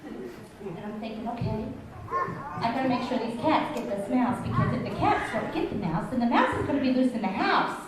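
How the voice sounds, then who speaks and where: A woman's voice: on the high side, expressive, brisk, a crowd in the background. A woman telling a funny story at church story time, acting out her own reactions with gasps and laughs. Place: church hall. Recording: echoey hall from far off, room noise.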